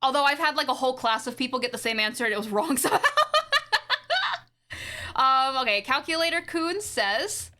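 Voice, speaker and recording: A woman streaming live, chatting casually to her viewers in an excitable, rambling way with frequent giggles. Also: high-pitched, a little fast. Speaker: streamer and animator. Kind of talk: casual livestream chat.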